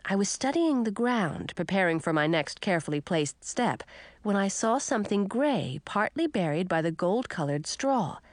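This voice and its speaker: A woman narrating a children's storybook aloud in an expressive, animated manner. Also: mid-range voice, moderate pace, dry recording. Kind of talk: storybook reading.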